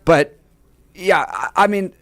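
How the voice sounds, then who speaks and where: A man co-hosting an opinionated talk radio show, making his case in a measured, reflective way. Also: sits high, expressive, vocal fry, a bit bright, no room sound. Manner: measured, reflective, building his point step by step. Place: radio studio.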